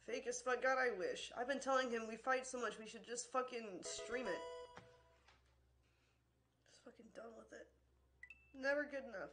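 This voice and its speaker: A woman's voice: a little high, steady tone, brisk, few pauses, a bit bright, faint music behind. A woman streamer in an angry livestream rant, swearing constantly and sounding exasperated and worn out.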